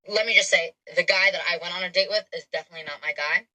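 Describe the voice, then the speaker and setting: Young woman, casual storyteller, chatty with lots of fillers, sharp bright voice. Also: sits low, racing, rough recording. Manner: chatty, animated, frequent fillers. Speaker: storyteller in a played clip.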